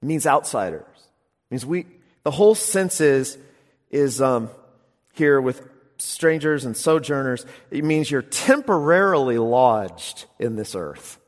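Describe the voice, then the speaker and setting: A man preaching a sermon, emphatic, moving between loud exclamations and quiet, intense asides. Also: mid-range voice, lively intonation, a little slow, big-room sound.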